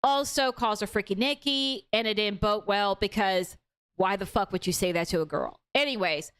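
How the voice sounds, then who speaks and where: A young woman hosting a casual livestream movie review, animated and outspoken, swearing freely as she recounts the plot. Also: mid-range voice, normal speed, clean tone.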